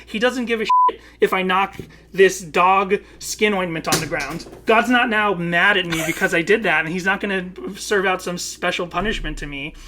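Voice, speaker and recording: A man's voice: high-pitched, normal speed, background noise. A man co-hosting a podcast, talking with passion and swearing freely in a long casual monologue. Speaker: podcast co-host.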